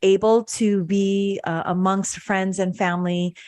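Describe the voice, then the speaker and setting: A woman's voice: mid-range voice, flat delivery, unhurried, a little mellow, dry recording. A middle-aged woman from Hawaii hosting a podcast, talking in an earnest, heartfelt way with many fillers. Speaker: podcast host. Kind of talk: casual chat.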